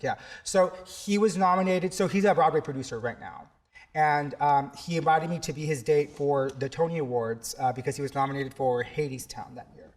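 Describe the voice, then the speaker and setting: A man from South Texas, a theatre teacher, telling a story in an interview with many fillers and restarts. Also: fairly high pitch.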